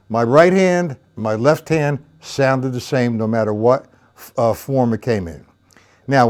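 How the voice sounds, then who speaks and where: Chatty man teaching drums on a stream. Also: mid-range voice. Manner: counts beats aloud, chatty with viewers by name. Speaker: drum teacher. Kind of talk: live-streamed drum lesson.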